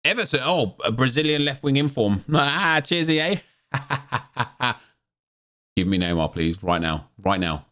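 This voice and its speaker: A man hosting a gaming channel, chatting casually and breaking into excited exclamations as he comments on opening game packs. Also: medium pitch, unhurried.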